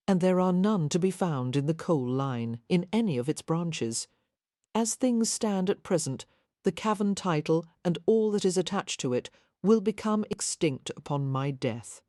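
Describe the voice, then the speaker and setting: A man's voice: high-pitched, animated, normal speed, warm tone, no room sound, studio quality. A woman reading the part of an old, small, proud Irish earl with an Anglo-Irish accent who speaks coolly and commandingly. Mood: imperious. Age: older. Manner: cool, dispassionate, commanding.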